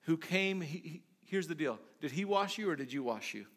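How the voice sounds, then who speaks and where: A man's voice: fairly high pitch, animated, moderate pace, a bit bright. A male pastor preaching a sermon in a conversational way, with lots of restarts and sudden emphatic bursts.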